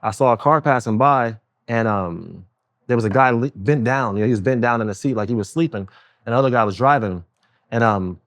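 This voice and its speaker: A man's voice: medium pitch, fairly quick, fairly bright tone, no room sound. A man hosting a casual conversation, telling a personal story with lots of fillers and acting out other people's voices. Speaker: host.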